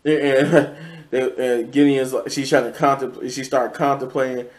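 A man talks through a review off the cuff, his voice sitting at an ordinary middle pitch. He restarts sentences often and leans on fillers, keeping a loose, conversational flow. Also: flat delivery, normal speed. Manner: rambling, many fillers and restarts. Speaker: show reviewer. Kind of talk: casual unscripted review.

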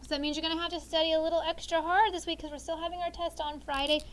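A woman teacher leading a classroom vocabulary lesson, explaining words clearly and drawing them out syllable by syllable. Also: very high-pitched, flat delivery, very fast, a bit bright, poor audio.

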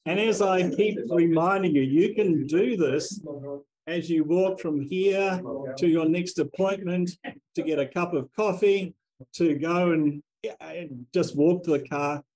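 A man's voice: fairly high pitch, unhurried, a crowd in the background, rough recording. A man teaching a language class, enthusiastically leading the group through chanted call-and-response drills.

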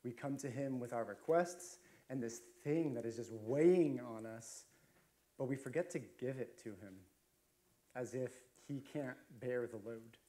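A man's voice: medium pitch, a little slow, dark tone. A man preaching a sermon as a pastor, chatty and storytelling, with frequent fillers and restarts. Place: church sanctuary.

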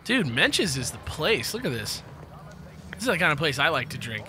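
A man's voice: fairly high pitch, moderate pace, a little hiss or hum. A man hosting a let's play, joking and swearing freely in casual banter. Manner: animated, jokey, swears freely. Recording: game music loud under voice.

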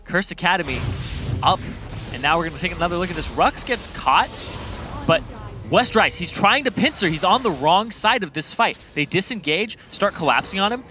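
A man's voice: high voice, expressive, normal speed, pushed and bright, slight background noise. A man giving color commentary on an esports match, who breaks down replays step by step and voices what the players were thinking. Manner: walks through replays step by step, voicing players' thoughts.

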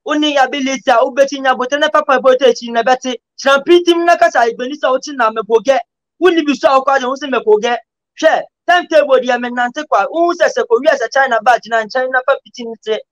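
A man with a Ghanaian accent trades playful banter as an interview guest. His voice sits high. He talks in a loose, rhythmic way and keeps breaking into chanted freestyle lines. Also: a little fast, a bit bright, poor audio. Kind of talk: casual interview banter mixing Ghanaian Pidgin and Twi.

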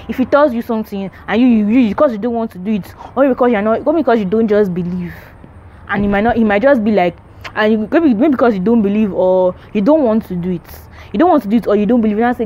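A woman's voice: mid-range voice, quick pace, a little mellow, muffled recording. A young adult woman gives an emphatic, repetitive faith teaching to camera, urging her listeners on. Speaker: Christian vlogger.

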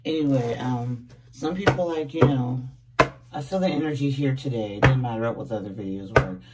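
A woman's voice: a bass voice, a little fast, recorded from a distance, over loud music. A woman tarot reader chatting casually to her viewers in a groggy, just-woken voice, laughing often and calling them babies. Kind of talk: casual tarot reading to camera.

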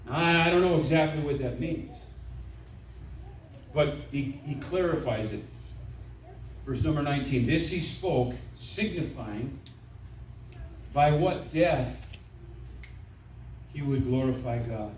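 A middle-aged man preaching a sermon as a visiting evangelist, animated, with stammered restarts and frequent amens. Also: mid-range voice, slow pace, pauses often, recorded from a distance, a little hiss or hum. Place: church sanctuary. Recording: echoey church, voice from afar.

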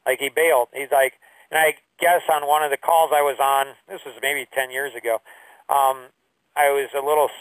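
A man teaching a business course through rambling stories, full of fillers, his voice jumping high when he quotes people. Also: steady tone, normal speed, no echo, far from the mic, poor audio. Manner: rambling storyteller with many fillers. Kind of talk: anecdotal online lesson.

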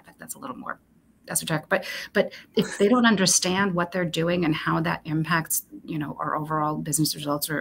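A woman's voice: sits low, gravelly, slight background noise. A woman guest, a corporate talent executive, speaking reflectively in a conversational interview and thinking aloud with fillers and restarts.

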